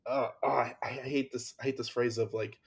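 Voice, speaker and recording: A man's voice: medium pitch, little pitch movement, normal speed, slight background noise. Enthusiastic man hosting a podcast. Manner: enthusiastic, repeats words. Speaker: podcast host. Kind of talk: casual interview talk.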